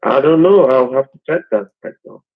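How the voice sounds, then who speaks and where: Man on the phone, gravelly and husky; hesitant delivery over a dull lo-fi line. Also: medium pitch, lively intonation, normal speed. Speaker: scammer on the call. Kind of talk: phone conversation.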